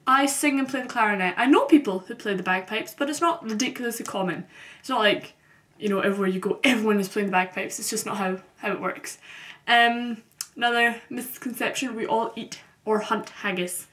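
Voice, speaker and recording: A woman's voice: on the high side, fairly quick, fairly bright tone. Chatty woman with a mild Scottish accent. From Scotland, Glasgow. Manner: chatty, upbeat, frequent ums. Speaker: vlogger. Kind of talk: casual chatty vlog. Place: her bedroom at home.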